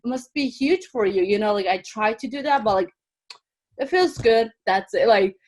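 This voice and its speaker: A woman's voice: a little high, moderate pace, darkish tone. A woman coach describing her client over a video call, rambling and full of "like" and "you know.". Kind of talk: casual explanation on a video call.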